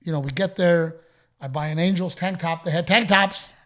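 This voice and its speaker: Chatting casually on his podcast, a Texan man tells stories with quoted dialogue and frequent laughter. His voice sits on the high side, with a fairly bright tone and normal speed.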